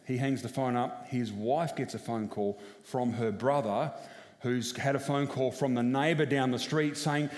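A man's voice: medium pitch, fairly even intonation, measured pace, darkish tone. A man, a senior pastor telling a personal story in a frank, conversational way during a sermon. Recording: echoey church hall.

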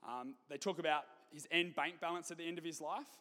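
A man preaching a sermon in a church, telling stories with lively, jokey asides. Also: on the high side, a little fast, in a large hall. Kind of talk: sermon with storytelling.

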